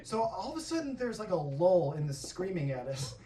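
A man telling a stand-up story on a comedy stage, swearing freely and acting out yelling coaches. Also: high voice, fairly quick, far from the mic. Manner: profane, animated, acts out coaches' yelling. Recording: echoey hall with crowd laughter, mic from afar. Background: audience laughing.

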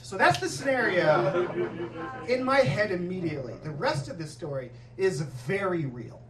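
A man's voice: high-pitched, expressive, moderate pace, crowd noise. A man performing a stand-up set, telling a profane, self-mocking story. He is recorded on a comedy club stage with a laughing audience. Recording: roomy club, distant mic, laughing audience.

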